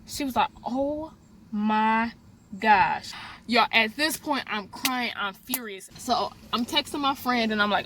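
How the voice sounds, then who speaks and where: A young woman vlogger telling a story in a casual, animated way, speaking straight to her viewers. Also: on the high side, unhurried, a little hiss or hum. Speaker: beauty vlogger. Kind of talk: storytime vlog, casual chat.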